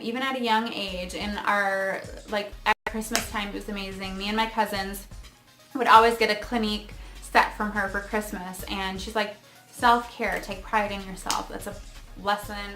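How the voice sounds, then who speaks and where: Chatty thirties woman rambling about skincare, bright voice, roomy echo. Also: medium pitch. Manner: chatty and rambling, with fillers and asides. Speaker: beauty vlogger. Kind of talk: casual chatty product review.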